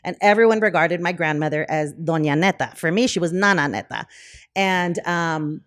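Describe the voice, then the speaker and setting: A woman in a casual interview, telling a story in a lively way with many fillers like um and you know. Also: fairly low pitch, normal speed. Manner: animated, acts out quoted conversations. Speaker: brewery owner and podcast guest.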